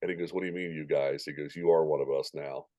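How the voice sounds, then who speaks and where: Announcer guest in his forties, low and mellow, animated storyteller, dry close mic. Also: fast talker, dry recording. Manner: animated anecdotes, acting out quoted voices. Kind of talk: casual interview storytelling.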